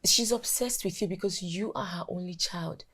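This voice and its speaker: An actress with a Nigerian accent playing a loyal young female friend, speaking in a hushed, soothing way. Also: lowish voice, normal speed.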